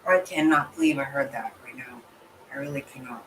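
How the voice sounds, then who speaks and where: A woman's voice: a bass voice, fairly even intonation, brisk, fairly bright tone, a little hiss or hum, poor audio. A woman reacting in casual chat, blunt and outraged, swearing freely. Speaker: channel host reacting to a livestream guest.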